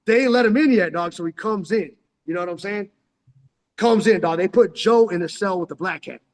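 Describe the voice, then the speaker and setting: A man in his forties from San Diego spins stories in casual chat. His voice sits high, and his talk is loose street slang. He keeps calling his listener "dog" and acts out what everyone said. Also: a little fast. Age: 40s. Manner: street slang, keeps saying "dog", animated retelling with acted-out quotes. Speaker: storyteller.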